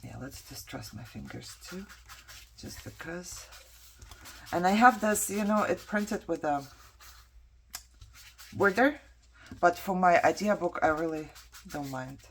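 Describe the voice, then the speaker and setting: A woman's voice: on the low side, expressive, measured pace, gravelly, long pauses, a little hiss or hum. A woman vlogger chatting casually to herself as she works on a craft project, trailing off and picking back up. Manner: chatty, talks to herself while working; frustrated venting.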